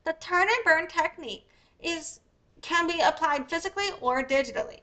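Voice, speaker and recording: High bright-voiced woman, blunt and profane. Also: normal speed, rough recording. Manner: blunt, profane, rambling asides. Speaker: author reading her own business ebook. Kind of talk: reading aloud, then casual explaining.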